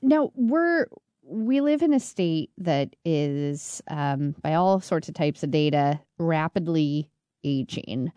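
A woman interviewing a guest, building long questions in a measured way. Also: low voice, lively intonation, warm tone, smooth, no room sound, highs cut off.

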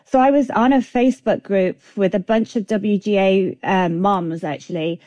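A woman guest with a mid-pitched voice, talking through her answers in a chatty way. She fills her sentences with "like" and "kind of". The sound is dry and close. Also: normal speed, dark tone, no room sound, highs cut off. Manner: chatty, with many "like" and "kind of" fillers. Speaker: guest screenwriter. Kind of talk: interview answers.

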